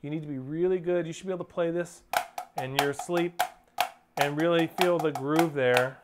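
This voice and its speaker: Speaking at a moderate pace in a slightly high voice, a drum instructor takes listeners through rudiments step by step. Clicking is clearly heard behind him as he patiently counts beats and calls stickings.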